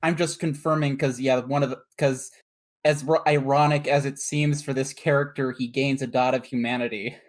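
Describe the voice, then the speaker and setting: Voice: mid-range voice, little pitch movement, normal speed. A tabletop game player talks casually about their character in a mid-range voice. They hesitate often, circling back and restarting phrases. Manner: hesitant, many fillers and restarts.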